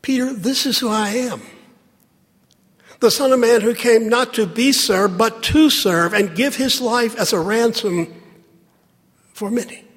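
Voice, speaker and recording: A man preaching a sermon, with dramatic pauses and lines that drop to a hush. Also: very high voice, breathy edge. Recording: long hall reverb.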